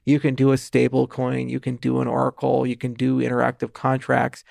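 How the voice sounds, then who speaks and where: A man as a podcast guest, explaining technical ideas fast with asides and restarts. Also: mid-range voice, monotone, creaky, a little mellow, dry recording, clean studio sound. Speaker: guest, blockchain founder. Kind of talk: podcast interview.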